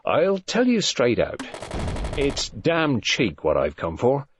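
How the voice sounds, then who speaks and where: A man's voice: mid-range voice, huge pitch swings, slow pace, lo-fi sound, noisy background, voice pushed up. A man voicing a hearty, blunt older English police superintendent nearing retirement, plain-spoken and chatty. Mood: bluff.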